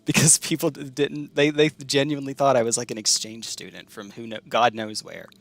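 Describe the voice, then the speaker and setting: A man's voice: medium pitch, little pitch movement, fairly quick, creaky, fairly bright tone. A young man from the United States chatting casually with his stream chat while playing a card game, rambling and laughing often.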